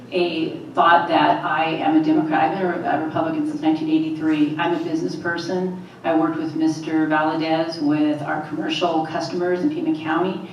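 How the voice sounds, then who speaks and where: Low-voiced woman in an echoey hall. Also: far from the mic, slight background noise. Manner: steady, measured, repeats phrases for emphasis. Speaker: political candidate. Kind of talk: forum answer.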